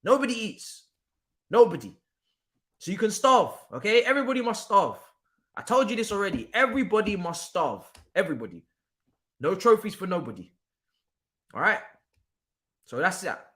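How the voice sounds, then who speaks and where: A man's voice: sits high, fairly bright tone. A young man hosting a football watchalong stream, ranting emphatically and repeating himself with laughs. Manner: emphatic, repetitive, laughing ranter. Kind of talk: casual ranting livestream chat.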